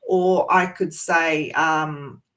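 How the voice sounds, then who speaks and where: Australian woman, language teacher, clear bright tone, patient explanations, video call. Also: low voice, steady tone, drawn-out words. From Sydney, Australia. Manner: explains patiently, with frequent ums. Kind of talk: online presentation.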